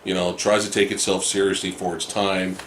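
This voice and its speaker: A man's voice: sits low, flat delivery, fairly quick, a bit bright. A man hosting a podcast, chatting casually about a film, swearing, laughing and acting out scenes. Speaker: podcast host. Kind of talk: casual film review chat. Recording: echoey room, faint noise.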